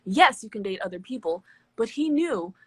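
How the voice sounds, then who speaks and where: Husky-voiced woman telling a story. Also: a little high, moderate pace, dry recording. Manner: candid, swearing, animated storyteller. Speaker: live stream host. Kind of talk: casual storytelling chat. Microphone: phone on a live stream.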